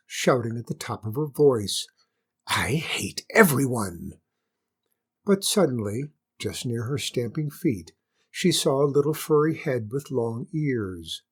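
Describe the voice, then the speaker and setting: A man reading a children's story aloud in a measured, expressive way. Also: medium pitch.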